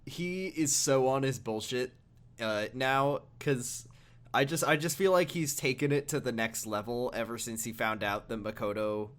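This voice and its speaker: A man co-hosting a casual podcast, recapping a game with jokes and frequent laughter. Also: normal speed. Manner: laughs often, jokey recaps with sudden high excited bursts. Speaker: podcast co-host. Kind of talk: casual chat.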